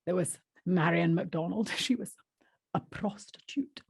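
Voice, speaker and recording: A blunt old Yorkshire woman, as a woman storyteller puts her on, telling her tale in a dry, no-nonsense way. Her voice is softly husky and quiet. It comes through a video call in a dry, close room. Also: lowish voice, measured pace, dry recording, heavily acted. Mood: recounting. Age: 90s. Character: plain-spoken elderly Yorkshire woman, ex-army girl.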